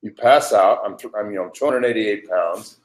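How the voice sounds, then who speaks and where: A man's voice: fairly low pitch, normal speed. Agitated older man ranting profanely. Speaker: livestream participant. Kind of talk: heated live webcast argument.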